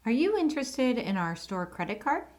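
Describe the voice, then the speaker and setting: A woman's voice: on the high side, sing-song, moderate pace, darkish tone. A woman playing a polite receptionist. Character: polite female receptionist and store assistant.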